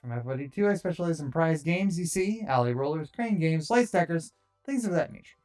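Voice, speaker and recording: A man's voice: on the high side, animated, a little fast, darkish tone, soft background music, lightly acted. A man voicing a courtly, roguish male arcade thief with theatrical, old-fashioned phrasing, reading a visual novel aloud. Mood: boastful.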